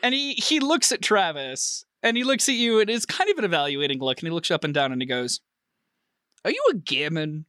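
Man, game master narration, lively pitch, bright tone. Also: fast, hardly any pauses, clean tone, no echo, clean studio sound. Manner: animated, vivid scene description.

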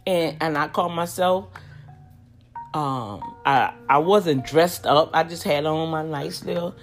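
A woman's voice: deep voice, measured pace, soft background music. A woman telling a story casually. She is chatty, talks straight to her listeners and acts out what other people said. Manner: chatty, addresses listeners as "y'all".

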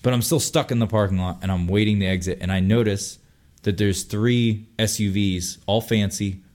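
A young man telling a long story on a casual podcast, animated and full of swearing. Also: on the low side, moderate pace. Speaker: podcast host.

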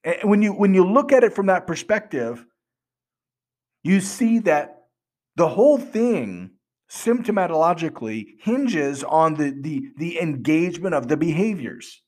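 A man's voice: a little high, animated, unhurried, a little mellow. A man hosting a podcast, explaining earnestly with rhetorical questions and frequent restarts. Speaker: podcast host.

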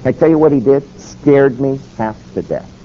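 A man's voice: mid-range voice, normal speed. Man telling a story in a sermon. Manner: animated storyteller. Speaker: speaker. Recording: dull lo-fi recording with faint hiss.

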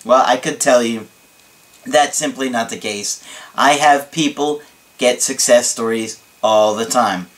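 A man who coaches on dating, talking casually to the camera in an animated way, laughing often and checking in with his listeners. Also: medium pitch, unhurried.

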